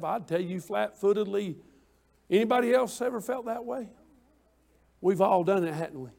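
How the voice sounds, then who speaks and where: A high-voiced man preaches slowly and deliberately, letting each line land. He builds his points by repeating phrases in cadence. His delivery swings from hushed pleading to full shouts inside a church room. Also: vocal fry. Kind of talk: sermon. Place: church room with online viewers.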